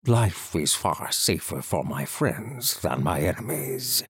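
A man playing a regal, assured villain king who speaks slowly and with calm amusement. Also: deep voice, husky, no echo, clean studio sound, full character voice. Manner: slow, measured, amused. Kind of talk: audiobook character voice.

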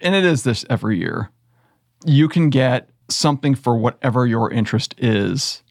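A man's voice: medium pitch, lively intonation, moderate pace, vocal fry, darkish tone, dry recording, studio quality. A man hosting a casual podcast, joking and sarcastic, laughing often with his co-host.

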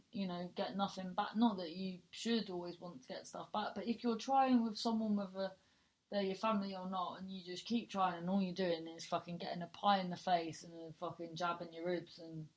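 A woman talks straight to her listeners in a loose, rambling podcast monologue. She is blunt and frank and swears freely. She keeps starting her sentences over as she goes. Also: lowish voice. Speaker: podcast host.

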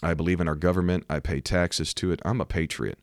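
An American man, a preacher, talking emphatically about faith and current events and rising to loud, animated outbursts. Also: low-pitched, fast talker, no room sound, clean studio sound. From United States. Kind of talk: preaching commentary to camera.

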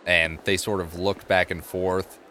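A man narrating as game master in a tabletop game, relaxed and laid-back as he improvises. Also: sits low, a little slow, a little hiss or hum.

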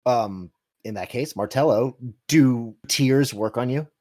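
A man running a tabletop game as game master, narrating in an animated, playful way. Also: medium pitch, takes it slowly.

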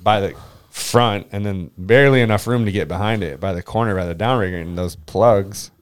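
A man's voice: on the low side, a little fast, clean tone. A young man telling a story in casual chat. He swears often, says "like" a lot and acts out his friends' lines. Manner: swears often, heavy use of "like".

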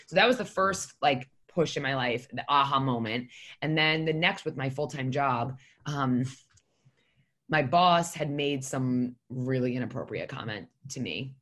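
A woman with a notably low voice speaks as a podcast guest. She talks candidly and at length, drifting from point to point. She drops in a curse word now and then for emphasis. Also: unhurried, fairly bright tone. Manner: candid, rambling storyteller who swears for emphasis. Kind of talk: casual podcast conversation.

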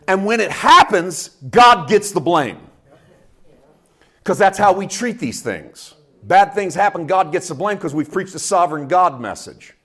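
Man, sermon, animated preacher, lively swinging pitch, somewhat high voice. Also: normal speed. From Canada. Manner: animated preaching with big swings in loudness and pitch, acting out quotes. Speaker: pastor.

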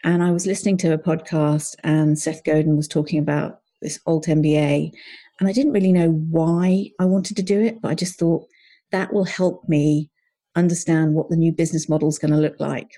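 A woman's voice: low-pitched, fairly even intonation, moderate pace, dark tone. A middle-aged woman, a coach, telling a personal story as a podcast guest in an earnest, reflective way. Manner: earnest, reflective, often quotes her own thoughts.

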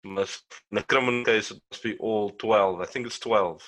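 A man's voice: fairly low pitch, normal speed, fairly bright tone, poor audio. A man from South Africa co-hosting a podcast, adding short remarks to the conversation. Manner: brief interjections and short asides. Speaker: podcast co-host. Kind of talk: casual podcast chat.

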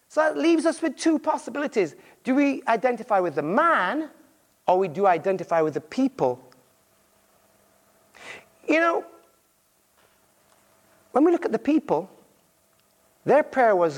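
Male visiting preacher with a high, lively delivery, storytelling and playing out the characters' lines. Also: normal speed, pauses often. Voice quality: married. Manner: animated storytelling, acting out voices in quotes. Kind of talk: sermon.

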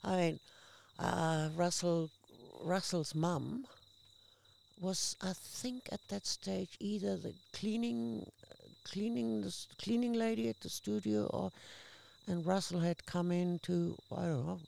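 A woman, a guest actress, telling lively anecdotes in casual conversation and acting out the people she quotes. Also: lowish voice, slow, gravelly, slight background noise. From Australia. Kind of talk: casual chat.

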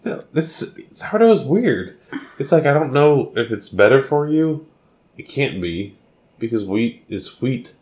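A man's voice: mid-range voice, sing-song, unhurried, a little mellow. A tipsy man co-hosting a casual podcast, rambling and laughing often as he answers questions. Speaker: podcast co-host. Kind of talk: casual chat.

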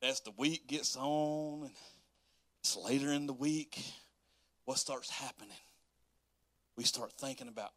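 A man preaching a sermon as pastor, animated and folksy, acting out everyday scenes with casual asides. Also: medium pitch, a little slow, pauses often, dry recording. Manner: animated, acts out everyday scenes in quoted voices.

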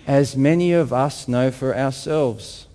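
A man preaching a sermon to a congregation, emphatic, with rhetorical questions and quieter reflective passages. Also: medium pitch, takes it slowly, big-room sound. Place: church hall with congregation.

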